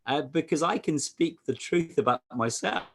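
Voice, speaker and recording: Animated Scottish pastor preaching. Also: male voice, fairly high pitch, normal speed, slight background noise. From Scotland. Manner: animated preaching with many "uh" fillers. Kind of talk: sermon over video call. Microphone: computer mic on a video call.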